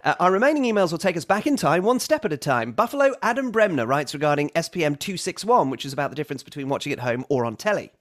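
A man's voice: on the high side, sing-song, fast talker, hardly any pauses. A man hosting a podcast, reading out listener emails with dry little asides in a casual chat. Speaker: podcast host.

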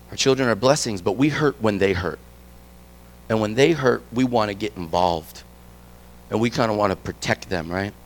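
A middle-aged man giving a guest sermon in a conversational, storytelling way, swinging from quiet asides to emphatic points. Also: mid-range voice. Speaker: guest preacher. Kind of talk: conversational sermon with personal stories.

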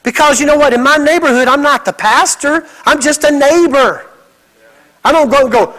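A middle-aged man preaching a sermon, telling stories with lively acted quotes. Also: very high voice, moderate pace, low-quality recording. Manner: animated storytelling with acted quotes. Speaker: pastor.

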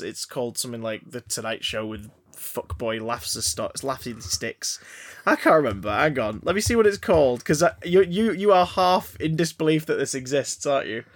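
A man's voice: fairly high pitch, normal speed. Rambling man on a podcast. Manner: rambling, stammering restarts, deadpan jokes. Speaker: podcast co-host. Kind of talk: casual banter about films.

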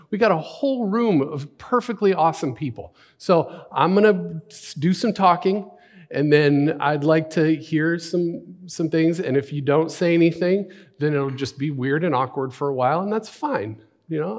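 A man preaching an informal sermon in a church, talking in a relaxed, conversational way with frequent fillers and restarts. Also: fairly high pitch. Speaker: pastor. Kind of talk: informal sermon with scripture reading. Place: church sanctuary.

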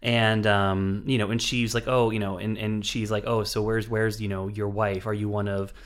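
Low-voiced man rambling through a plot. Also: little pitch movement, normal speed. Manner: rambling plot retelling with many fillers. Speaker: podcast co-host. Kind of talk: casual chat.

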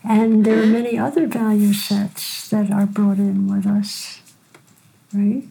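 Older woman, gentle storyteller, gravelly and mellow tone. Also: medium pitch, flat delivery, slight background noise, poor audio. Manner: gentle unhurried storyteller, frequent "right?". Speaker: physician and teacher. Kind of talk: storytelling in a conversation.

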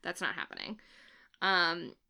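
A woman's voice: lowish voice, animated, a little slow, vocal fry, pushed and bright. A woman co-hosting a podcast, telling a story in a chatty, sarcastic way and laughing often. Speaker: podcast co-host. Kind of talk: casual chat.

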